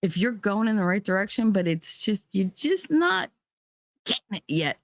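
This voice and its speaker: A woman's voice: medium pitch, sing-song, normal speed, no echo, studio quality. Blunt, profane woman with a Jersey accent. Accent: New Jersey. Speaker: vlogger. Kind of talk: ranting monologue.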